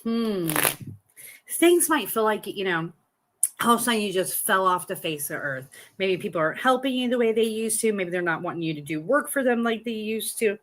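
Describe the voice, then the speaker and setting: A woman's voice: medium pitch, expressive, moderate pace. A woman hosting a live tarot reading from home, talking in a chatty, encouraging and reassuring way. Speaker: tarot reader.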